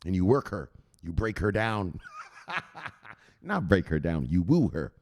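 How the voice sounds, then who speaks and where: A man hosting a crypto channel, chatting excitedly and profanely, who shouts out exclamations and then drops to low mutters. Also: takes it slowly. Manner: swings between loud bursts and low mutters. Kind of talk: excited unscripted livestream chat.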